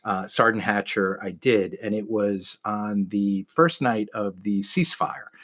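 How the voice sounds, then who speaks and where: A man in his fifties casually telling stories from his army days on a podcast, relaxed and full of fillers, acting out the dialogue. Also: on the low side, unhurried. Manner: relaxed, many fillers, acts out quoted dialogue. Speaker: podcast co-host, veteran telling war stories. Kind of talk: casual storytelling conversation.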